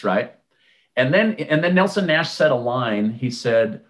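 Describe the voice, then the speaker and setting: A man's voice: medium pitch, unhurried. A man in a casual interview, telling a personal story conversationally and acting out the dialogue he quotes, with frequent restarts and fillers. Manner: animated, acts out quoted dialogue in a raised voice. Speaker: interview guest.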